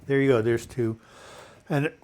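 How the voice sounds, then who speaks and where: A man's voice: medium pitch, steady tone, unhurried, background noise. Older man with a dry cough. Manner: chatty, tells corny jokes, reads comments aloud. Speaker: host of a live video chat. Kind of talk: casual live-stream chat reading viewer comments.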